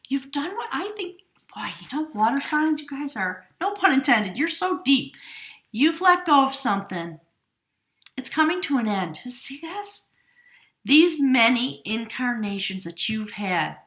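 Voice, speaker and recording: Breathy, gushing woman tarot reader. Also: on the high side, a bit bright, reverberant. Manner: emotional, breathy asides and whispered exclamations. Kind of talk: tarot reading monologue.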